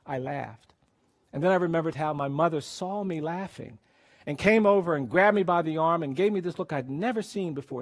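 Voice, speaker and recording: Gravelly, husky man giving an earnest speech. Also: fairly high pitch. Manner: earnest, grave, builds to quiet intensity. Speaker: lawyer and public speaker. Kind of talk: emotional storytelling speech.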